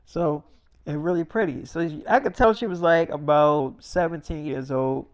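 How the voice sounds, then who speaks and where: A man's voice: fairly high pitch, moderate pace, no echo, clean studio sound. A man telling an improvised role-play story in a rambling way, full of filler words. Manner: rambling, full of "like" and "you know".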